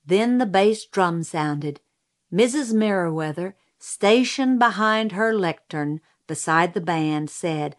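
Unhurried woman reading a story. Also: on the low side, animated. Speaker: audiobook narrator. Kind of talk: scripted storybook narration.

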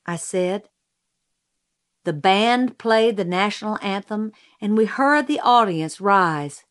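A woman narrates a story in a measured, steady reading voice. Her pitch sits in the middle of the range, and she takes her time over each line. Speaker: audiobook narrator.

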